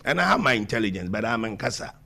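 A man, answering questions in an animated conversational interview and mixing English with Twi. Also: lowish voice, fast talker, vocal fry. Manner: mixes English with Twi, talks over the interviewer.

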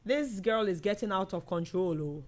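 Speaking at medium pitch and a moderate pace, a young Ghanaian-accented woman runs a relaxed live show. She reads out comments from viewers, chatty and animated, with frequent laughter.

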